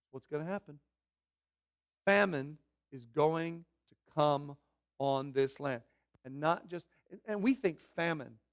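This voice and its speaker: Preaching to his congregation, this man makes his case with slow, forceful proclamations before slipping into hushed, low remarks. He is a pastor.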